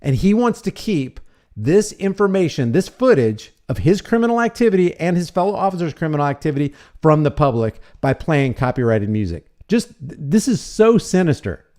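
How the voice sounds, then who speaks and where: A man's voice: a little high, big pitch swings, moderate pace, darkish tone. A man hosting a commentary channel, reacting to a video with indignant, sarcastic remarks and rhetorical questions.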